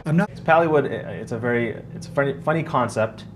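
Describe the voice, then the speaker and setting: A man's voice: mid-range voice, fast talker, noisy background. A man, a physician, speaking with passion in an interview, stressing long lists. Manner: impassioned, emphatic lists. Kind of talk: interview testimony.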